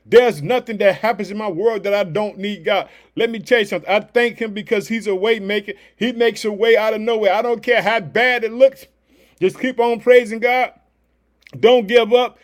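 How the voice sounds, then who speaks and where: Man, podcast preacher, high-pitched, exuberant, repetitive. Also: steady tone, moderate pace. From Chicago, United States. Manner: exuberant, repetitive, shouts hallelujah often; preacherly call-and-response, folksy. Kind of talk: energetic devotional podcast talk.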